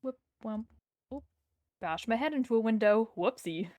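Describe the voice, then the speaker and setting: A woman's voice: a little high, expressive, moderate pace, warm tone, no echo. A woman chatting playfully and insistently while playing a roleplay game with friends. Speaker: streamer playing a roleplay server. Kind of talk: casual gaming chat.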